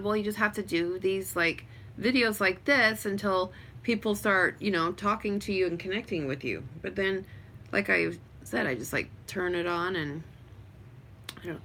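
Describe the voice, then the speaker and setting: A woman's voice: medium pitch, bright, forceful tone, a little hiss or hum. A woman chatting casually on a home livestream, rambling with lots of fillers. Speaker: vlogger.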